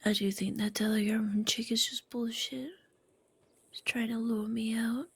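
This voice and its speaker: Husky whispering woman, whispered role-play. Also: little pitch movement, measured pace, no room sound. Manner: drowsy, low-key.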